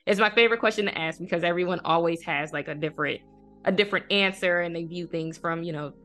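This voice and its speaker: A woman's voice: lowish voice, fast, fairly bright tone, soft background music. A woman hosting a podcast interview in a chatty, casual way, with many filler words and easy laughter. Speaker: podcast host.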